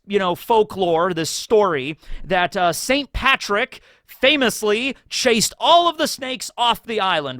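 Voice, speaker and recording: A man's voice: high voice, sharp tone, dry recording, clean studio sound. A young man hosting a casual commentary video, rambling and joking with lots of fillers. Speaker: YouTube channel host.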